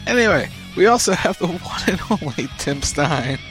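A man's voice: a little high, animated, moderate pace, a bit bright, faint music behind. A man co-hosting a casual wrestling talk show in a joking way. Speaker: co-host.

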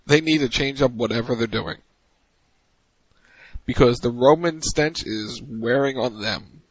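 Male talk-radio host, husky, loose and jokey, dry close mic with a dull edge. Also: medium pitch, unhurried, no echo. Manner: loose, joking, often repeats himself. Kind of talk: casual chat.

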